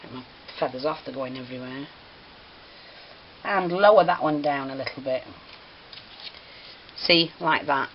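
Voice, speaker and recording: A woman's voice: rumbling low, unhurried, pauses often. A woman teaching a craft tutorial, chatty and apologetic, prone to giggling. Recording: slightly dull home recording with faint hiss.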